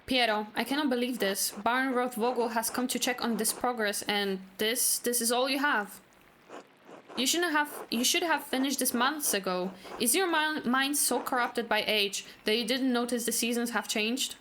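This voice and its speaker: Brief: stern, haughty male prior scolding his monks, as a woman puts him on, bright pointed voice. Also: on the high side, normal speed, slight background noise, close to an everyday voice. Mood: exasperated.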